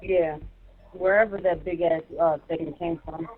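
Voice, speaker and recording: A woman on a phone call with her husband in jail, talking quietly and hesitantly. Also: lowish voice, steady tone, measured pace. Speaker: inmate's wife on a phone call. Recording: tinny phone line, faint music.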